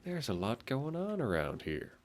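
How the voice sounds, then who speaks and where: A man's voice: mid-range voice, wildly swooping pitch, moderate pace, a little hiss or hum. A male streamer giving casual, chatty gameplay commentary, musing and wry as he plays.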